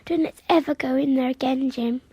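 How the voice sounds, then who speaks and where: A man's voice: extremely high pitch, steady tone, fairly quick, slightly rough, no echo, lo-fi sound, voice pushed up. A man doing a timid, frightened little boy. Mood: scared. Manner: hushed, fearful.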